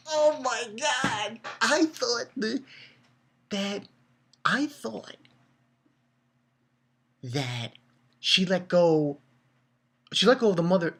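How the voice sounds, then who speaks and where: Male anime reviewer, casual recap, excitable, profane, stumbles and repeats words. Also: sits high, slightly rough.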